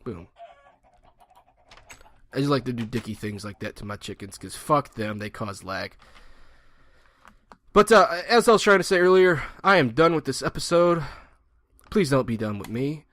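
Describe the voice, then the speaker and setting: A man's voice: mid-range voice, sing-song, normal speed, pauses often, fairly bright tone, no echo. A man in his twenties giving rambling, joking gameplay commentary and mocking himself. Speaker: gaming channel host.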